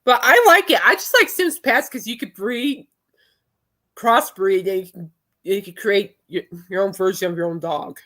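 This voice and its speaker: A woman's voice: medium pitch, normal speed, sharp tone. A young adult woman hosting a podcast in casual chat, rambling and laughing often. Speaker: podcast host.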